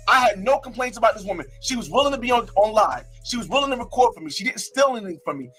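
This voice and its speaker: A man's voice: high-pitched, fairly bright tone. A young man from North New Jersey, a live streamer telling a story in a brash, casual way, repeating himself and acting out his own quotes.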